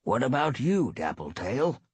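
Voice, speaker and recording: A man voicing an impatient, gossipy old tom cat elder, pitched a little above his own voice. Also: sing-song, unhurried, breathy edge, dry recording, full character voice. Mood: testy. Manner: testy and gossipy.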